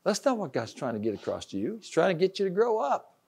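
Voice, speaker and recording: Folksy older preacher with a high voice. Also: male voice, wildly swooping pitch, quick pace, gravelly, darkish tone, slightly rough. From Ohio, US. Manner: folksy, storytelling, acts out quoted voices. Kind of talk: informal sermon.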